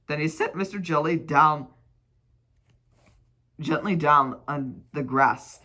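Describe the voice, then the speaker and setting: A man's voice: on the high side, takes it slowly, pauses often, pushed and bright. A man reading a children's storybook aloud as an amateur read-along, giggling and stumbling over words. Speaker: reader.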